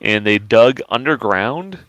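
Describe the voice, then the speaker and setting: A man hosting a podcast who recaps a news story with halting restarts. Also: medium pitch, lively intonation, fairly bright tone, no echo, poor audio. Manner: halting, many filler restarts. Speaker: podcast host reading news. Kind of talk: casual news banter.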